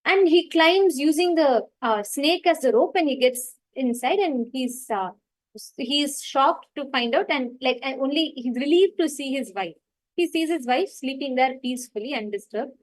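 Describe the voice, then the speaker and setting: Casting: high-pitched woman, earnest spiritual storyteller, loose and unscripted. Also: expressive, normal speed, poor audio. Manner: earnest, many fillers like "like" and "you know".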